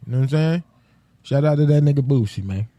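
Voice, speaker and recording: A man's voice: medium pitch, animated, fast talker, background noise. A man hosting a solo podcast, ranting casually in profane street slang with loose, rambling restarts. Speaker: podcast host.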